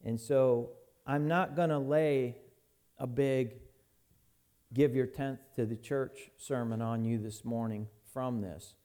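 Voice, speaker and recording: Male pastor giving a sermon in church, talks slow and easygoing, folksy, lots of restarts. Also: medium pitch, fairly even intonation, mellow. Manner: folksy, conversational preaching with many restarts.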